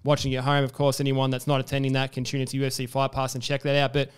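A young man talks quickly, hosting a sports podcast in a loose, chatty way. His voice is very clean and clear, and he fills his questions with asides and fillers. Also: mid-range voice, completely flat delivery. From Australia. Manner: chatty, filler-heavy, enthusiastic. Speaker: podcast host. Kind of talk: casual sports interview.

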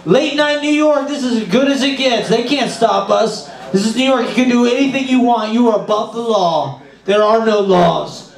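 A man's voice: very high-pitched, normal speed, creaky. A man hosting a late-night open mic, brash and hyped as he brings up the next act. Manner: hyped, brash, shouting out acts. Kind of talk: hyped comedy-show emceeing. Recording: roomy live bar room.

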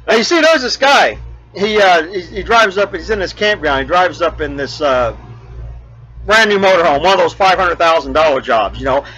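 A man's voice: sits high, animated, moderate pace, pushed and bright, breathy edge, faint music behind, rough recording. A man hosting a homemade RV show, chatting casually and telling a joke, with many fillers and restarts. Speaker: host of an RV show. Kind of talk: casual rambling chat.

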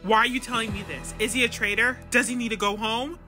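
A woman's voice: a little high, fairly even intonation, fast talker, bright, forceful tone, soft background music. A woman voicing a naive, dim male toy contestant in a toy reality-show role-play, earnest and worried.

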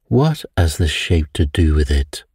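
A man's voice: rumbling low, big pitch swings, unhurried, darkish tone, breathy edge, no room sound, studio quality, exaggerated voice. A man voicing an impatient, blunt male friend and investigator who sounds exasperated, read for an audiobook. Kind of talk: audiobook character reading.

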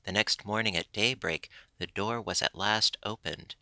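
Gravelly man reading a storybook. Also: on the low side, normal speed, bright, forceful tone, no room sound. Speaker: audiobook reader. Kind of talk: storybook narration.

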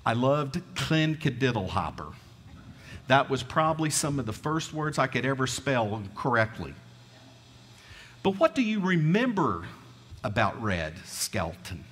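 A middle-aged preacher with a Southern twang tells homespun stories from the pulpit and keeps putting questions to his congregation. His voice sits at an ordinary pitch for a man. The sound carries a long reverb from the church hall around him. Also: sing-song, a little slow, a bit bright, slightly rough. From American South. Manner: folksy, conversational, asks the congregation questions. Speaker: pastor. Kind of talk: storytelling sermon. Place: church sanctuary.

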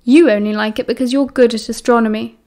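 A smug, smirking teenage wizard boy with a British accent, as a woman reading an audiobook puts him on. His voice sits a touch high and has a withering, self-assured edge. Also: steady tone, fast talker, darkish tone, lightly acted.

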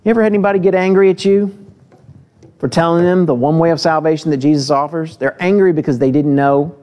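A man preaching a sermon in a church, reading scripture with lively acted voices and then talking plainly to the congregation with direct questions. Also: on the high side, fast talker, highs cut off. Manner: asks the listeners direct questions.

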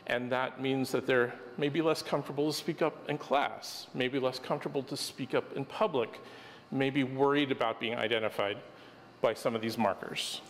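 A man's voice: medium pitch, fairly even intonation, normal speed. Man prof lecturing, dry and wry, long hall reverb, faint hiss. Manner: explanatory, wry. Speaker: professor. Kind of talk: lecture discussion.

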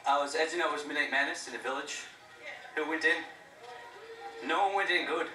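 A man, a stand-up comedian with dry, deadpan wit, doing a set and an interview. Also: a little high, fairly quick, reverberant, recorded from a distance, rough recording.

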